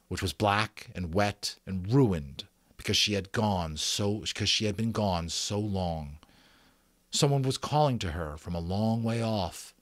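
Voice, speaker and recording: Low-voiced man reading aloud dramatically. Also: no echo. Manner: expressive, with casual spoken asides. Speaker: father, voice actor, narrator.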